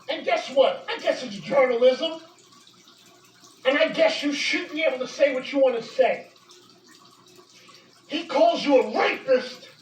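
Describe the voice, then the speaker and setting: A woman delivering an angry direct-to-camera rant, accusing and repeating insults, sometimes shouting. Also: sits high. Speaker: vlogger addressing a public figure. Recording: echoey room, distant mic.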